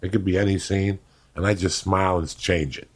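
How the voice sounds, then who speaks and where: A man's voice: sits low, steady tone, a little fast. A man, a comedian and actor, telling blunt, profane stories in a casual chat. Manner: blunt, swears freely.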